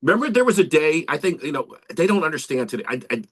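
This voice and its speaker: A man, co-hosting a podcast in casual, animated talk. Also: a little high, fast talker, husky. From Central Florida, US. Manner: animated, swearing, lively storytelling. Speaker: podcast co-host, band member.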